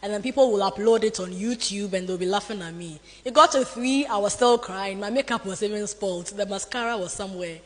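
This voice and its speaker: A woman's voice: medium pitch, brisk, hardly any pauses. Ghanaian woman telling a dramatic story. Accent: Ghanaian English. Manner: animated, dramatic storytelling with acted quotes. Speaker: newscaster. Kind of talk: motivational storytelling talk. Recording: long hall reverb.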